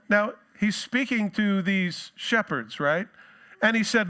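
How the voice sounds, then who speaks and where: A male pastor preaching a sermon in a relaxed, conversational way with joking asides. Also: sits high, takes it slowly, clear, resonant tone.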